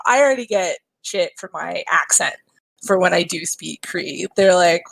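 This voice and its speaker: A woman's voice: fairly low pitch, lively intonation, normal speed, gravelly, background noise. A young woman game developer talking casually in a panel chat, chatty with lots of fillers and laughter. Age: young adult.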